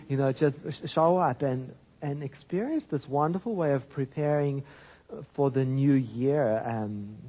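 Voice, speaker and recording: A man giving an informal spiritual talk, reflective and gentle, often restarting and trailing off softly. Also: mid-range voice, muffled recording. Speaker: spiritual teacher.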